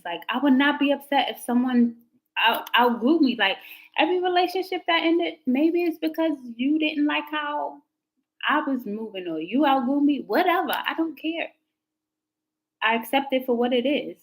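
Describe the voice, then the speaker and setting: A woman's voice: sits high, lively intonation, moderate pace, low-quality recording. A woman tarot reader talking casually to her livestream viewers, candid and slangy. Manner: chatty and candid, slangy, talks back to chat comments.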